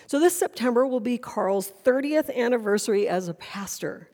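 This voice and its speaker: A woman's voice: a little high, animated, normal speed, hardly any pauses, dark tone, in a large hall. A woman pastor preaching a sermon in a church sanctuary, earnest and full of questions.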